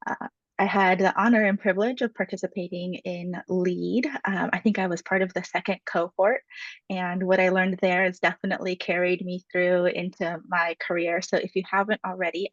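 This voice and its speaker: Woman workshop facilitator, friendly and chatty, slight vocal fry, dull video-call audio. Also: on the low side, fairly even intonation, a little fast, no room sound. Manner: friendly, conversational, with frequent um fillers. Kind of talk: webinar presentation.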